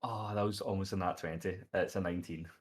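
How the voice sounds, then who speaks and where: A man's voice: low-pitched, steady tone, fast talker. A man playing in a tabletop game, stammering as he asks questions. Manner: hesitant, stammering. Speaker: player.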